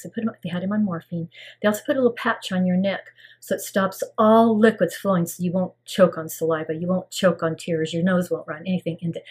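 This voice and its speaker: An older woman telling a personal story as an interview guest, earnest and soft, often dropping to a hushed near-whisper. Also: lowish voice, slightly rough.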